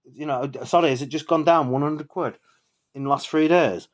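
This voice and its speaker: A man's voice: fairly high pitch, normal speed. Tipsy, sweary man ranting. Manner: rambling, sweary, indignant. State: tipsy from drinking. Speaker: vlogger. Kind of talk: ranting casual monologue.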